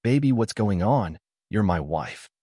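A man's voice: lowish voice, expressive, unhurried, warm tone, slightly rough, dry recording, clean studio sound. A man voicing a stunned, heartbroken adult husband who pleads in bewilderment. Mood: bewildered.

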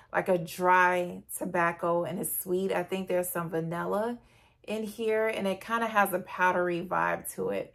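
A woman with a slightly low voice talks through a casual perfume review vlog. She is chatty and gushing, and speaks directly to her viewers like friends. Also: creaky. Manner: gushing, chatty, addresses viewers as "you guys". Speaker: beauty vlogger.

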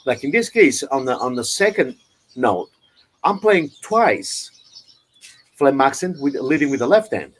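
A man with an Italian accent teaching an online drum lesson, loosely explaining with many "you know"s and counting beats out loud. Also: mid-range voice, very animated, unhurried. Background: drum playing.

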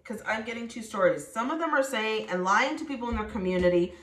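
A woman's voice: fairly high pitch, animated, fast talker, fairly bright tone. A woman giving a spoken tarot reading to her viewers, addressing them directly and acting out the voices she quotes. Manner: acts out quoted voices, talks straight to viewers. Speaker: tarot reader. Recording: echoey room.

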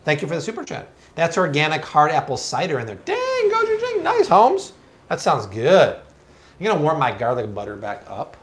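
A man's voice: fairly high pitch, expressive, brisk, slight background noise. A man hosting a live cooking stream from a home kitchen, enthusiastic and exclamatory. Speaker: cooking show host.

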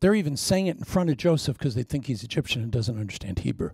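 A middle-aged man preaching a sermon, telling stories in an animated way. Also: mid-range voice, fast, vocal fry, breathy edge, dry recording, studio quality.

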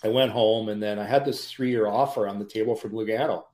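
A man, a former pro hockey player, telling lively anecdotes as a podcast guest and often laughing mid-story. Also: on the low side, a little fast. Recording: roomy echo.

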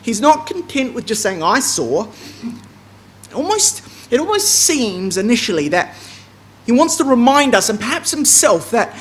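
Lively man giving a bible class. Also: very high voice, unhurried. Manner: lively, emphatic, with asides and restarts. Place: meeting hall.

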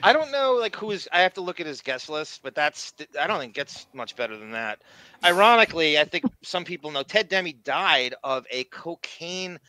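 A man's voice: fairly high pitch, moderate pace, no echo. A man co-hosting a podcast, chatting casually and tossing in joking questions. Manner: lively, jokey, asks questions. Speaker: podcast co-host. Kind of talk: casual chat.

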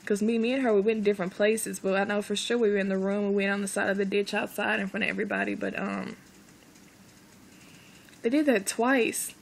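A woman's voice: mid-range voice, expressive, fairly quick. A woman vlogger earnestly recounting a dream in a rambling, casual monologue full of fillers and restarts.

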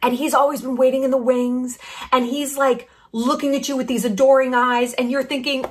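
A woman hosting her own vlog, talking bluntly and profanely with strong opinions and lively asides. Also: high-pitched, normal speed. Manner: animated, drops into asides and mock quotes. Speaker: vlogger host. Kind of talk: casual commentary vlog.

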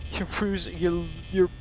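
Jittery high-voiced young man gaming. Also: a little hiss or hum. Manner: jittery, talks nonstop from fear, swears and mutters. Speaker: gaming channel host. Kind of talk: nervous let's-play commentary. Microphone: wearing a mask over the mouth.

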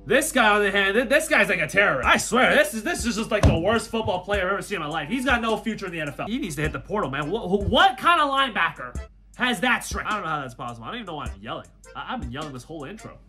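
High, bright-voiced young man hyping gameplay. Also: sing-song, very fast, faint music behind. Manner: hyped, jokey, shouts often, slangy with "you know what I'm saying". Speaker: gaming YouTuber. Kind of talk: energetic gameplay commentary.

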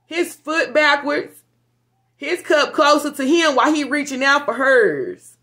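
A woman giving a casual, profane tarot reading to her viewers, frank and animated. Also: high voice, measured pace. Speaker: tarot reader.

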